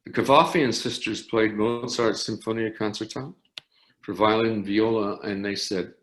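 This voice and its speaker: An older man, an orchestra conductor, telling animated anecdotes in an interview with frequent restarts. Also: fairly low pitch, normal speed. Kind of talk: storytelling interview. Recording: roomy echo.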